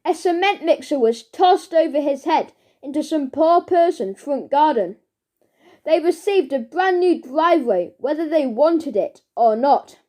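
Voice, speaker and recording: A woman narrating a children's storybook in an expressive, deliberate way. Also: sits high. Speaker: audiobook narrator.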